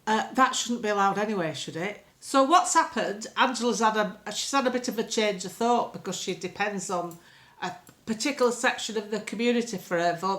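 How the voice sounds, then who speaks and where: An older English woman from England vlogging from home into a phone camera, chatting bluntly and meandering through opinions. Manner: blunt, opinionated, meandering, lively swings in pitch. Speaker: political vlogger. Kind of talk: casual rambling monologue to camera. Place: home, indoors.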